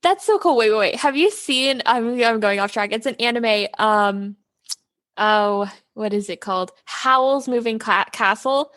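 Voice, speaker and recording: A woman's voice: a little high, unhurried, fairly bright tone, no room sound, studio quality. A woman co-hosting a casual podcast, listening eagerly with many affirmations and gushing about her nerdy interests. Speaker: podcast co-host.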